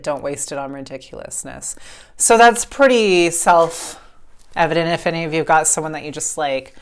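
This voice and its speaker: A woman with a deep, low voice talks her viewers through a tarot reading in an easy, casual way. She is blunt and plain-spoken, and doesn't mind a curse word. When she reads a passage aloud, she slows into a calm, measured delivery. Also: clear, resonant tone. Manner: blunt and frank, swears casually. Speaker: tarot reader. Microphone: clip-on mic.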